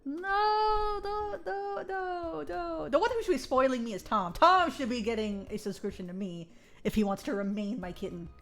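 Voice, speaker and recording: A woman streamer reading a visual novel aloud in a soft narrating voice, then breaking into loud, giggly reactions to her chat. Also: mid-range voice, brisk, soft background music.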